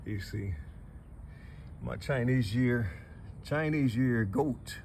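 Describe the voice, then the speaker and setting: Middle-aged man, rambling, profane, repetitive, tearful, mid-pitched voice, faint noise behind. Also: slow pace, creaky, a little mellow. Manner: rambling, repetitive, profane, full of "you see". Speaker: vlogger. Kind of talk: rambling emotional monologue.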